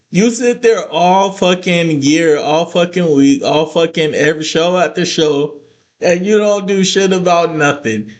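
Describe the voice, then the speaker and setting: A man recapping a wrestling show in a casual vlog, cursing freely and breaking into heated rants. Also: a little high. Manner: profane, ranting, animated asides.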